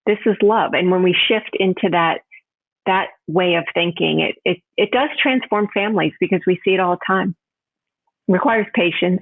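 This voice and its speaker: A woman from New York, a health coach guest chatting in a podcast interview, animated and laughing often, jumping high in pitch when quoting people. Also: moderate pace, no echo. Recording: tinny phone-line sound.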